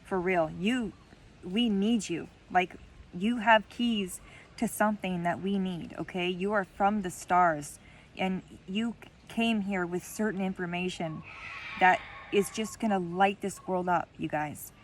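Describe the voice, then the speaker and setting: A woman's voice: medium pitch, a little slow, slight background noise. A woman giving an intuitive message reading to her viewers, encouraging and heartfelt, often checking in with "okay?" and "you guys". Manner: emotional, heartfelt. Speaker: spiritual reader.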